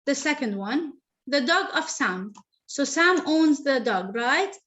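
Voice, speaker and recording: A woman with a teaching an online grammar lesson over a video call, slow and patient, repeating explanations. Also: sits high, animated, fairly bright tone, muffled recording. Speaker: English teacher.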